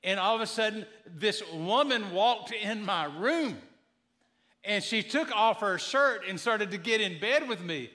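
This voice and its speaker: A man voicing his elderly father, excited and indignant, in a shrill raised voice. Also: a little slow, exaggerated voice. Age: older.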